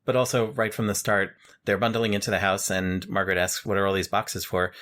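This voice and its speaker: A man's voice: on the low side, fairly quick. A man from New York City co-hosting a podcast, casually retelling a film and acting out the characters' lines. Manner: animated retelling with acted-out quotes. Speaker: podcast co-host. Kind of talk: casual film review chat. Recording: home podcast recording in Queens.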